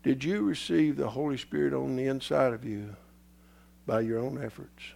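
A man preaching a sermon in a folksy, repetitive way, swinging from hushed whispers to shouts as his voice gives out. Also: medium pitch, normal speed, gravelly. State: losing his voice.

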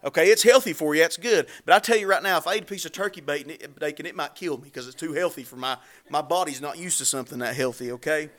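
A man preaching a sermon in a high, bright voice. He talks in a folksy, conversational way, full of asides and repeated phrases. When he acts out the scripture, he pushes his voice up. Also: fast talker. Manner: rises in pitch and volume when dramatizing scripture.

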